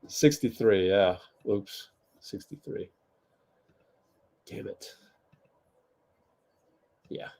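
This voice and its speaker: A man's voice: on the low side, huge pitch swings, very slow, long pauses, darkish tone, a little hiss or hum. A man hosting a casual livestream watch party, chatting with viewers, laughing often and typing as he talks. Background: keyboard typing.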